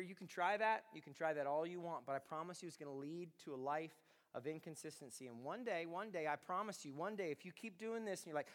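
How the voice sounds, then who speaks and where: A man preaching a sermon to a congregation, swinging from quiet conversational talk to loud shouting. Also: a little high. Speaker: pastor. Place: large room with congregation. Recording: long hall reverb.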